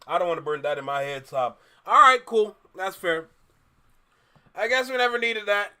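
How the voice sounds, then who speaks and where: Man, co-host, fairly high voice, bright tone, laid-back short remarks, casual chat. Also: expressive, normal speed, clear, resonant tone.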